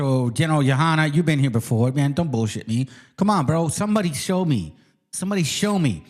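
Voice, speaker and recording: A man's voice: a little high, a little mellow. Confrontational swearing man ranting. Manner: confrontational, swearing, repeating challenges to viewers. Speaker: channel host. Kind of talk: profane biblical commentary rant.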